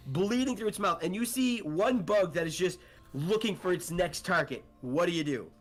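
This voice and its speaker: A young man narrates a tabletop game as game master in a high, lively voice. He takes his time, rambling and swearing loosely between his descriptions. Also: a little slow, faint music behind.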